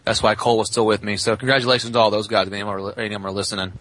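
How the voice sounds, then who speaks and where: A man who coaches jiu-jitsu, telling rambling, animated anecdotes in a casual podcast chat. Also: lowish voice, rapid-fire, no echo.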